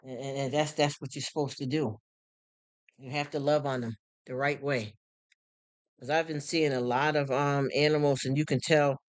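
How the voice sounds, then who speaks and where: A live streamer in casual chat who talks in a warm, rambling, heartfelt way with many restarts. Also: medium pitch, no room sound. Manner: greets chat viewers by name and thanks them. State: choked up, near tears.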